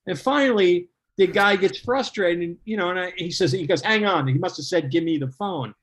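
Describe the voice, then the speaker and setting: A middle-aged man telling a casual anecdote, animated and laughing as he acts out what people said. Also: high voice, brisk, few pauses. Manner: animated, laughing storyteller who acts out quotes. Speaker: guest storyteller.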